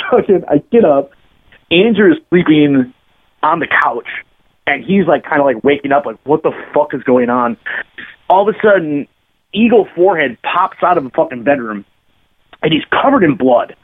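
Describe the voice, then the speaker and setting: A man's voice: on the high side, big pitch swings, normal speed, husky. A man, a podcast guest, telling a rambling, profane anecdote in casual chat and laughing as he goes. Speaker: podcast guest, bass player. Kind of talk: casual storytelling. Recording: phone-like lo-fi sound.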